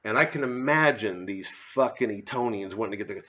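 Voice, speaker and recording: A man's voice: lowish voice, a little fast, few pauses, sharp tone. A man doing a profane, sardonic ranting monologue as a comedian. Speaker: comedian doing a solo show. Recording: slightly dull lo-fi audio.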